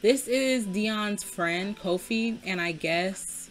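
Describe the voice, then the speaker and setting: A young woman giving casual, profane commentary over her life-sim game, chatty and frank, and loud and heated when she rants. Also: mid-range voice, slow, soft background music. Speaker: Sims let's play creator. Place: home room.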